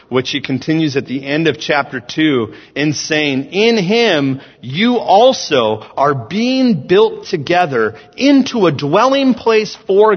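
A man preaching a sermon, earnest and emphatic as he reads scripture aloud. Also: on the high side. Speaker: student ministries director preaching. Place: church sanctuary. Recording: dull sound in a large reverberant church hall.

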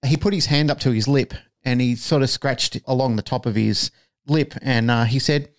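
Gravelly man telling a story. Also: mid-range voice, normal speed. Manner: animated, swears freely, acts out quoted lines. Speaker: podcast co-host. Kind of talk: casual storytelling.

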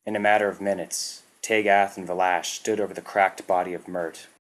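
Male narrator, measured and dramatic, low voice, story reading. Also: little pitch movement. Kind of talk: scripted narration.

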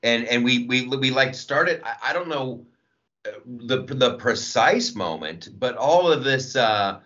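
A man who is a stand-up comedian, talking casually in an interview with a jokey, animated manner and acting out quoted voices. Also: mid-range voice, slow. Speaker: comedian guest. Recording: dull lo-fi audio.

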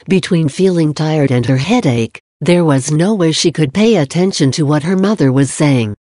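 Calm chipmunk narrator, dry close mic. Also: medium pitch, normal speed, no room sound. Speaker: narrator of a parenting advice podcast. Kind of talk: scripted narration.

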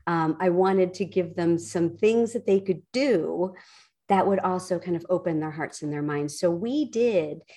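A woman's voice: lowish voice, measured pace. A woman hosting an interview, chatting enthusiastically and sharing a personal story as a parent. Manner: enthusiastic, chatty, warm affirmations. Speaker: interview host. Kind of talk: casual chat.

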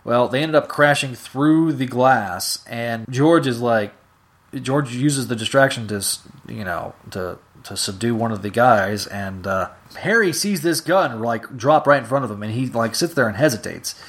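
A man's voice: mid-range voice, animated, a little slow, fairly bright tone. Man casually recapping comics. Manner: casual, filler-heavy retelling. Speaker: podcast host. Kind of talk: solo recap reading comics aloud.

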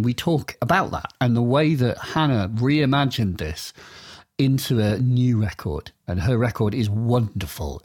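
Male podcast host, husky voice, lively swooping pitch, jokey mock-grand delivery. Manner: jokey, mock-grandiose, swings pitch widely for comic emphasis. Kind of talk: playful podcast intro and sponsor read.

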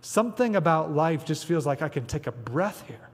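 A man's voice: on the high side, expressive, moderate pace, husky, long reverb tail. A man preaching a sermon as pastor, chatty and conversational with frequent asides. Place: church sanctuary.

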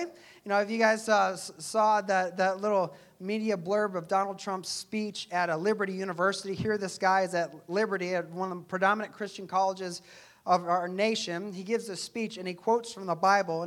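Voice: mid-range voice, fairly bright tone. Preacher, casual and sincere delivery, rhetorical questions to the congregation. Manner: conversational, earnest, asks rhetorical questions. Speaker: pastor. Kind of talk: sermon.

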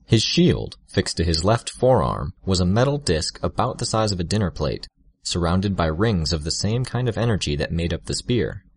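A man with a very low voice narrates an audiobook in an even, first-person storytelling manner. The recording is close and dry, with no room sound. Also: slightly rough, no room sound.

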